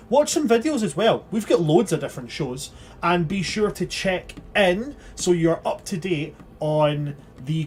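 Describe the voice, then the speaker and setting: A man as game master, closing a tabletop livestream and plugging the socials in a chatty, upbeat way. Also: on the high side.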